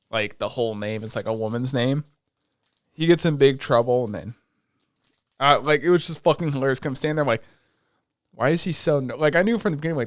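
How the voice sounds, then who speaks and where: A man co-hosting a podcast, chatting casually and excitedly with plenty of swearing as he retells scenes. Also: medium pitch, a little fast, no echo, clean studio sound. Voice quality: excitable, profane, retells scenes in quoted voices. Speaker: podcast co-host. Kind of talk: casual chat recapping an anime.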